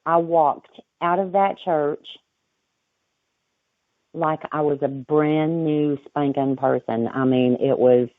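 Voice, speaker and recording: Female guest on a phone line, slow and reflective, dry tinny audio. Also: sits low, steady tone, no echo. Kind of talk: personal account in an interview.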